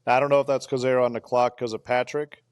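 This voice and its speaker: A man's voice: medium pitch, level tone, quick pace, smooth, dry recording. A man co-hosting a podcast in casual chat, talking in a chatty way and running through lists of picks. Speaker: podcast co-host.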